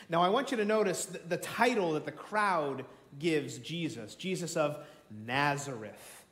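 Male pastor, high voice, theatrical storyteller, echoey sanctuary sound. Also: animated, moderate pace, few pauses. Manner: dramatic storytelling, acts out voices, swings from shouts to near whispers. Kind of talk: sermon. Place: church sanctuary. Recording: echoey church room.

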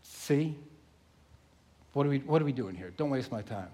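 A man's voice: medium pitch, expressive, moderate pace, warm tone, voice pushed down, lightly acted. A man voicing a cruel, defiant male king who taunts and scoffs. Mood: scoffing.

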